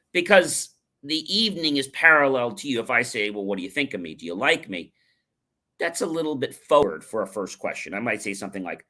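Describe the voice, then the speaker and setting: Male livestream host, lowish bright voice, playful, drawn-out motivational delivery. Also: animated. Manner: playful, lingers on words, acts out dialogue. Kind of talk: motivational talk with acted examples.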